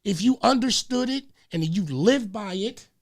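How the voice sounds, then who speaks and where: A man's voice: high voice, lively intonation, measured pace. A male radio host in a community conversation, preachy, who keeps repeating phrases and stopping to say hold on, wait a minute.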